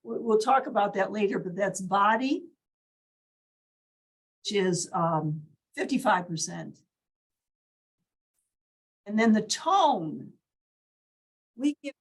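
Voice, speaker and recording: A woman's voice: medium pitch, lively intonation, takes it slowly, pauses often, slightly rough, poor audio. A woman leading a workshop in an indoor meeting room, teaching and quizzing the group, demonstrating different tones of voice. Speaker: workshop leader. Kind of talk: interactive teaching talk.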